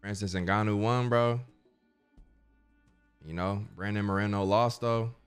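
A man's voice: on the low side, fairly even intonation, a little slow, clear, resonant tone, faint music behind. A young man streaming a video game, chatting casually and full of slang while he reads the game's dialogue aloud. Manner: slangy, rambling, says bro constantly. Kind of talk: casual gameplay commentary.

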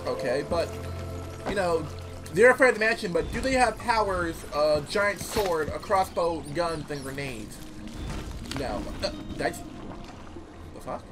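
A teenage man giving casual, rambling let's-play commentary, excitable and quick to swear. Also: on the high side. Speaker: gameplay commentator. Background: game music.

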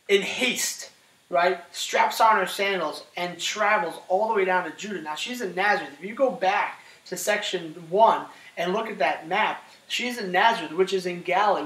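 A man teaching a class on scripture, animated, asking questions and often checking in with "right?". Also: a little high, far from the mic, slight background noise. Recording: roomy echo from off-mic.

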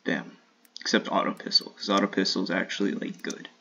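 Gravelly low-voiced man streaming a game. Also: a little fast, dull audio, a little hiss or hum. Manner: swearing, trash-talking opponents, sudden excited outbursts. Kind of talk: casual live gameplay commentary.

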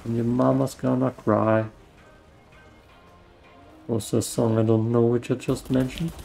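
A man with a German accent gives laid-back gameplay commentary full of rambling jokes and asides. His voice sits low and dark with heavy vocal fry, and he speaks in an unhurried drawl into a desk mic. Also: level tone, soft background music, poor audio. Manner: rambling, joking asides while playing. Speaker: gamer.

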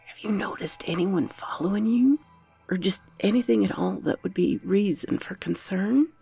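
A woman's voice: lowish voice, sing-song, moderate pace, gravelly, soft background music, heavily acted. A woman voicing a wary male pawn shop clerk with a thick Southern accent and blunt, folksy talk. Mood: whispered. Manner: blunt, folksy, drops to a hushed warning.

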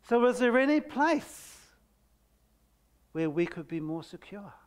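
With medium pitch and wide swings in intonation, a preacher delivers a sermon at a church service, reading scripture aloud. Each phrase comes slowly, with heavy stress on key words, then drops almost to silence.

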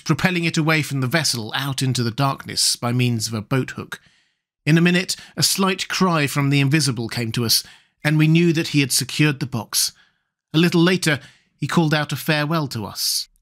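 A man reading a horror short story aloud in a measured, steady storytelling voice. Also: on the high side. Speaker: audiobook narrator. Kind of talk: scripted narration of a horror story.

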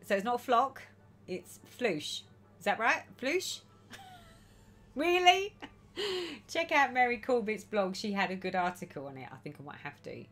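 A woman's voice: medium pitch, animated, fairly quick, hardly any pauses, fairly bright tone. A woman hosting a casual stitching livestream, chatting and reading viewers' comments aloud with a lot of giggling. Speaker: livestream host.

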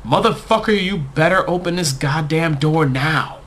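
A man voicing a bossy, violent young woman fiancée in a high, screeching put-on voice. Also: expressive, normal speed, a bit bright, slight background noise. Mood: shrieking rage.

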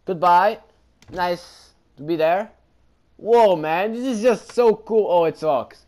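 A man giving excited let's play commentary while gaming, often calling his audience bro. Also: sits high, takes it slowly. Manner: excitable, keeps saying bro. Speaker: gamer.

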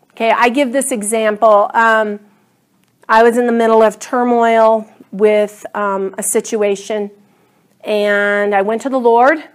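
High-voiced woman teaching Bible class. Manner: conversational, animated, acts out prayers to God.

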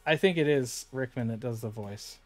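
A man streams live, opening card packs and reading the card names aloud while chatting casually with his viewers. His mid-range voice moves at normal speed over soft background music.

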